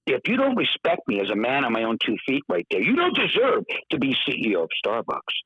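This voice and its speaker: A man telling a story in casual podcast chat, lively and acting out the voices of the people he quotes. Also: mid-range voice, fast, breathy edge, no echo. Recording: dull, dry podcast audio.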